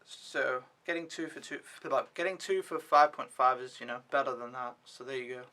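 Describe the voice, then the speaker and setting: A man's voice: mid-range voice, fairly even intonation, normal speed, pushed and bright. A young man doing a casual vlog recap of his week as an au pair, rambling with lots of "like" and frequent swearing. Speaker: au pair vlogger.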